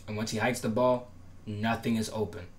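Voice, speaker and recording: A man's voice: lowish voice, steady tone, normal speed, a little hiss or hum. A man explaining defensive setups in a casual gameplay tutorial, emphatic and repetitive, his voice cracking at times. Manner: instructive, repetitive, emphatic promises. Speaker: gaming tutorial creator.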